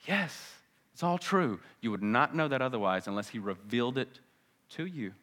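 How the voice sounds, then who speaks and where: A man preaching a sermon in a church, his voice at an ordinary middle pitch. He moves from sarcastic jabs to hushed, earnest pleading and back up to loud, urgent calls. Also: animated, moderate pace. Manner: sarcastic, then dramatic with wide swings between loud and hushed. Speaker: pastor.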